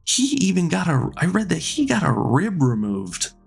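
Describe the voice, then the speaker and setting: A man's voice: a little high, huge pitch swings, moderate pace, gravelly, husky, faint music behind, pitched above the performer's own voice, exaggerated voice. A man playing a blunt male therapist who lectures with confident, odd advice in a raised voice. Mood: lecturing.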